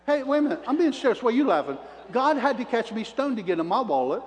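High-voiced man preaching in an echoing hall. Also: fast, slight background noise. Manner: animated storyteller with preacher call-outs to the crowd; folksy self-described redneck talk. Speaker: preacher giving his testimony. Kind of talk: sermon testimony. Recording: long reverb of a large hall.

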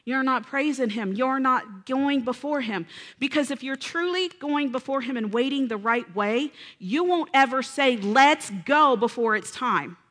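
A woman delivering a sermon with a bright, ringing voice that sits a little high. She preaches earnestly and with feeling, often turning to her listeners for an answer. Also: normal speed. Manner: earnest, emotional, addresses congregation with call-and-response. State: close to tears.

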